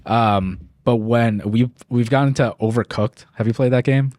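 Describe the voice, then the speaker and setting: A young man co-hosting a podcast, relaxed and laughing often, acting out what others said. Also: mid-range voice, normal speed, dry recording. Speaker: podcast co-host. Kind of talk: casual chat.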